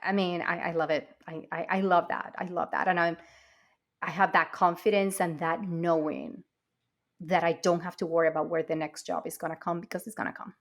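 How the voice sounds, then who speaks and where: A woman's voice: on the low side, level tone, fairly quick. A woman speaking English, a guest in an interview, upbeat and confident. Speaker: guest, acting coach. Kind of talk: casual interview chat.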